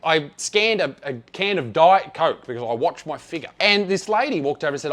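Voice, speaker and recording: A man with a broad Australian accent rants through a travel review, blunt, sarcastic and full of swearing. His slightly high voice swings widely up and down as he talks. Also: big pitch swings, fast talker, few pauses, a bit bright. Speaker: travel vlogger.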